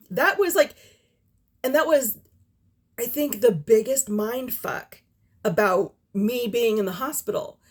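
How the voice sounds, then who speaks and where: A woman telling her own story to camera from home, candid and halting, with many fillers and blunt swearing. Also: fairly high pitch. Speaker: vlogger. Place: home with doors and windows open, windy.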